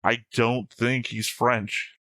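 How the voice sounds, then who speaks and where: A man's voice: medium pitch, flat delivery, takes it slowly, pushed and bright, no echo. A man co-hosting an anime reaction show, chatting casually and reading his notes in a dry, contrarian way.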